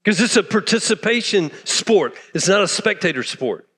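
Male pastor, sermon, fired up, drops to hushed asides; high-pitched, reverberant church hall. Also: sing-song, normal speed, husky. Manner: impassioned, swings from loud to hushed. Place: church sanctuary.

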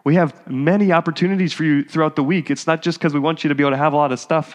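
A man's voice: on the high side, fairly even intonation, rapid-fire, hardly any pauses. A male pastor giving a sermon in a casual, conversational way that rises to fervent exhortation. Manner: conversational preaching, rising to exhortation. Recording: hall reverb.

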